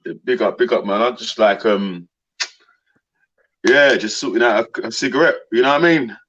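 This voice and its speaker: A man's voice: medium pitch, moderate pace, fairly bright tone. A man calling into a live show, chatting in slang and repeating filler phrases. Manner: slangy, repeats "you get me". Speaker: caller. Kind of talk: casual chat. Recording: dull phone-line sound with faint noise.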